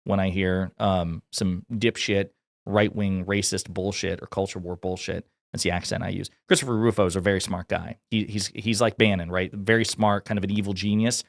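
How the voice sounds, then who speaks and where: A man's voice: low-pitched, flat delivery, normal speed, gravelly, no echo. A man from Kentucky giving casual political commentary in a blunt, sarcastic, profane way.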